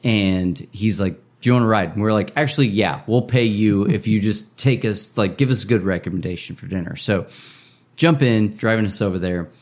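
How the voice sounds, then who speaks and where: A man co-hosting a podcast, telling a story in an animated, casual way. His voice sits somewhat low, and he keeps acting out the other people's lines. Filler words run all through his telling. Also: fairly quick. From Indiana. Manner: animated, acts out quoted speech, many filler likes. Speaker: podcast co-host.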